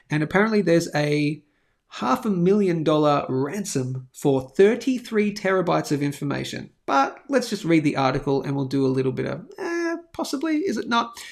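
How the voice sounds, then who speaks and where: A man's voice: on the high side, vocal fry. A man hosting a live precious metals stream, chatting in a rambling way and reading viewer comments. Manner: chatty, rambling, lots of fillers and asides. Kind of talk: casual live-stream chat and product plug.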